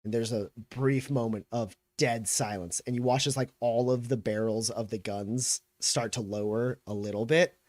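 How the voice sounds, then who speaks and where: A man narrating a tabletop game as game master, in a loose, halting way with many fillers. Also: medium pitch, fairly even intonation, darkish tone, dry recording.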